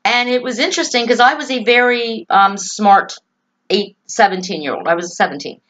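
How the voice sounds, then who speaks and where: A woman's voice: on the high side, moderate pace, a bit bright. Woman vlogger, emotional and opinionated, kinda muffled lo-fi audio. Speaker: political vlogger. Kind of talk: personal talk to camera.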